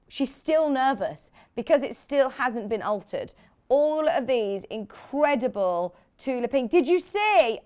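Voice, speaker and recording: On a live shopping channel, a woman pitches products with chatty enthusiasm, trading jokes with the crew in between sales.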